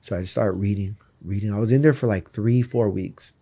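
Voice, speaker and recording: Guest man, earnest testimony; raspy fry and a dark, mellow tone. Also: fairly low pitch, brisk. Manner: earnest, candid storytelling. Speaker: guest sharing his testimony. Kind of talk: personal faith testimony in conversation.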